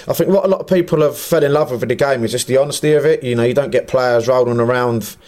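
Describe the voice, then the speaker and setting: A man's voice: mid-range voice, fast talker, a little mellow. A man from England who manages a football team, a guest on a chat podcast, speaking plainly with many "yeah, no" fillers. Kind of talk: casual chat.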